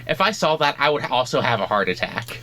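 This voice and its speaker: A man's voice: mid-range voice, sing-song, fairly quick, background noise. A man co-hosting a podcast in easygoing chat, talking casually and laughing easily. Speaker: podcast co-host.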